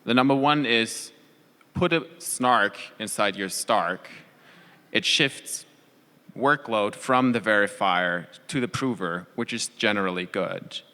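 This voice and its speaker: A man presenting at a conference, summing up his technical talk in a measured, deliberate way. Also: lowish voice, bright, forceful tone, smooth. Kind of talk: closing summary of a technical talk. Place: conference hall. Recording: long hall reverb.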